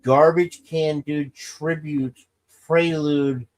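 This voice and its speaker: A man's voice: a little high, steady tone, drawn-out words, low-quality recording. A man hosting a casual show, rambling and joking with a co-host about movies. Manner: rambling, jokey, quotes movie lines in shouted voices. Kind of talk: casual banter.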